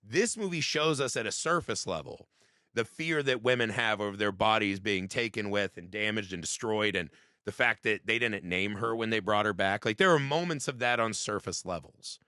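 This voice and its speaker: Recorded with studio quality and no room sound, a man in his thirties speaks in a low-leaning voice at a moderate pace. He co-hosts a podcast, pushing his opinions on a film with animated emphasis during a casual review chat and tagging many sentences with "right?".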